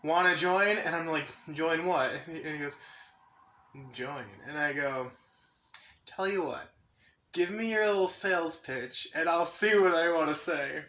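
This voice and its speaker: A man's voice: a little high, normal speed, fairly bright tone, reverberant. A young man telling a story in a rambling, giggly way, full of fillers and asides. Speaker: YouTuber. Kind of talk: casual storytelling vlog.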